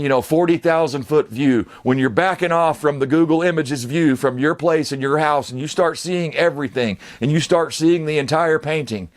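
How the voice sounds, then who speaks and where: A man giving a casual, rambling political rant as an online commentator, blunt and profane. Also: mid-range voice.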